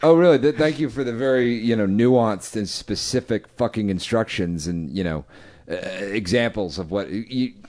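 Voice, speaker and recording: A man's voice: fairly low pitch, moderate pace, darkish tone. A man co-hosting a podcast, ranting in casual, heavily profane banter. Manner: ranting, swears a lot. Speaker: podcast co-host.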